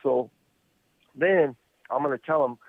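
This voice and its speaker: Male host, mid-pitched, casual rambling storyteller, phone-line sound. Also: a little slow, dry recording. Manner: relaxed, rambling, full of "you know". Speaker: podcast host.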